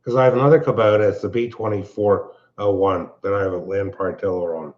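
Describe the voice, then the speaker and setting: A man with a low voice who talks in a relaxed, somewhat halting way. He speaks as a guest on a live stream. His voice comes over a slightly muffled, dull line. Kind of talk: casual live stream chat.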